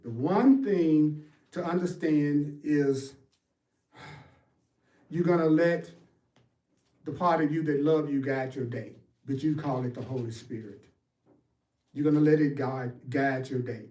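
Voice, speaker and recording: A man's voice: fairly high pitch, warm tone, far from the mic. A man giving a spiritual teaching talk, emphatic and repetitive, calling out to his audience to answer back. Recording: echoey room, voice from off-mic.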